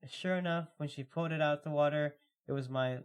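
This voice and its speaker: A man co-hosting a podcast, chatting casually and reading stories aloud at a slow, relaxed pace with lots of fillers. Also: fairly high pitch, clean tone. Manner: relaxed, filler-heavy, reads stories slowly. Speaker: podcast co-host.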